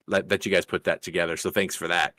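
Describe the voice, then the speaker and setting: A man's voice: deep voice, level tone, fast, bright, forceful tone. A man hosting a racing league live stream in casual chat, rambling with lots of fillers and restarts in an upbeat way.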